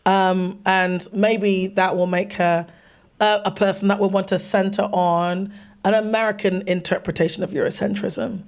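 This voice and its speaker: A woman's voice: medium pitch, moderate pace. An English woman, a guest artist, chatting casually in an interview and acting out bits of conversations with a laugh. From England. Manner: animated, acts out voices, laughs often. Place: live event venue in front of an audience.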